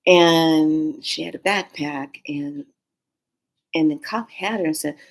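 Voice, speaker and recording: A woman vlogger telling a story in a casual, animated, slangy way, acting out every quote. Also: low-pitched, slow.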